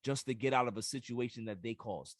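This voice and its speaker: Animated, emphatic man hosting sports talk. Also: medium pitch, fairly quick, no room sound, studio quality. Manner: animated, emphatic, repeats words when excited. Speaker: podcast host.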